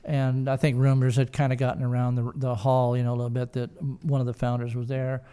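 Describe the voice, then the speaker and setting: A man's voice: mid-range voice, monotone, fast talker, mellow, clear, resonant tone. An older man telling a long personal story in an interview, rambling with many fillers and restarts. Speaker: guest, son of the founders.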